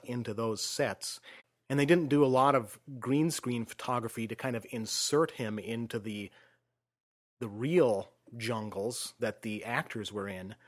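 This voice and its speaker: In a mid-range voice, a man hosts a casual film discussion, laying out his views in a measured way and softly trailing off at the ends of phrases.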